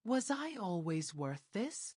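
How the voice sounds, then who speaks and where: A woman's voice: mid-range voice, very animated, slow pace, darkish tone, breathy edge, no echo, clean studio sound, full character voice. A woman narrator voicing a hurt, defiant young woman who speaks in an emotional, questioning way.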